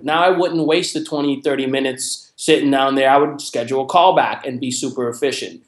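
A man talks through his sales career in a lively, conversational manner and acts out the customers in his stories. His pitch sits in the middle range. The room adds a clear echo around his voice. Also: brisk, few pauses. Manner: animated, acts out quoted customers in raised voice. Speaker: guest sharing sales experience. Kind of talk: conversational storytelling. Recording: roomy echo.

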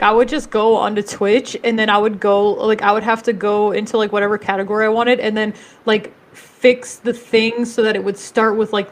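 A woman chatting casually with friends, full of fillers and quick giggles. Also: medium pitch. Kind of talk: casual chat.

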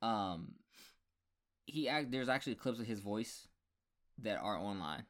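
A man's voice: on the low side, lively intonation, unhurried. A man co-hosting a podcast in casual conversation. He reads out trivia facts and fills the gaps with ums and let's-sees. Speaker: podcast co-host. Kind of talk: casual chat.

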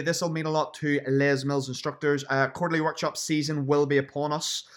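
A man's voice: on the high side, level tone, fairly quick, hardly any pauses. A man hosting a solo podcast, running through upcoming events in a chatty, promotional way and stressing dates and places. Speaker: podcast host and fitness instructor.

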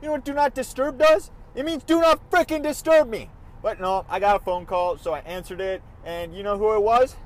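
High-voiced man rambling while driving. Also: a little fast, poor audio. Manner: rambling, animated, swears at other drivers. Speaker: vlogger. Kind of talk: casual storytelling while driving. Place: inside a car in city traffic. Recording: faint car and street noise.

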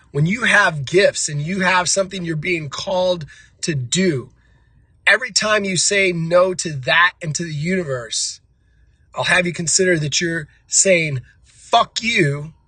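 A man delivers a motivational monologue as a show host, hammering his points with emphatic repetition. His voice sits a little high and bright with a husky edge. The sound is dry and close. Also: measured pace, dry recording.

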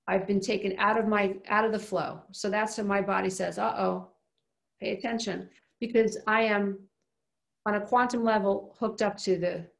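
A woman's voice: mid-range voice, vocal fry. A woman giving a motivational self-help talk, emphatic and repetitive, often asking rhetorical questions. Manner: emphatic, repeats phrases, asks rhetorical questions.

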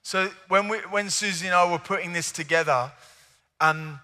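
A man with a high, bright voice preaches earnestly to young people. He trips over his words and restarts often. The sound rings with the long reverb of a large church hall. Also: moderate pace. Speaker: youth preacher. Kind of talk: youth service talk.

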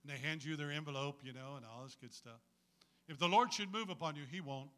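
A man's voice: on the high side, fairly quick, a bit bright. A man preaching a sermon to a congregation in a folksy, humorous way, calling on them to answer back.

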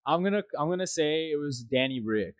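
A man's voice: fairly high pitch, expressive, fairly quick, no echo. A man co-hosting a casual racing podcast, rambling and jokey, sometimes slipping into silly voices. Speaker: podcast co-host. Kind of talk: casual chat.

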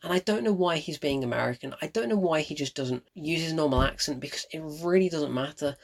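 A man's voice: fairly high pitch, brisk, vocal fry. A man giving a casual, opinionated film review, blunt and emphatic, repeating his points for effect.

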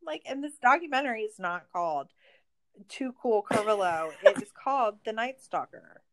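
A woman's voice: a little high, animated, normal speed, heavy background noise. A woman podcast host in a casual recap chat, ranting in exasperation and swearing a lot.

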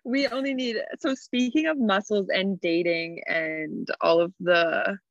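A woman's voice: mid-range voice, measured pace, creaky, no echo. Giggly woman with a dull, dry sound. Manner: giggly storyteller. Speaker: podcast co-host. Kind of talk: casual chat.

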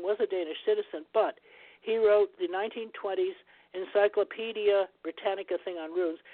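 A woman's voice: mid-range voice, dry recording. A woman guest on a phone-in radio interview, talking at length in a rambling, digressive way and ending her turns with "over". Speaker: guest rune scholar. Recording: tinny phone line, dry.

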